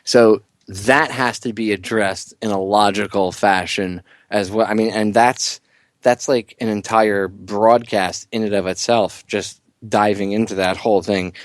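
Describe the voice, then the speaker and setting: A man hosting a casual talk radio show, getting animated and jumping up in pitch when he jokes. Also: no echo, clean studio sound. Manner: animated, voice jumps high when joking.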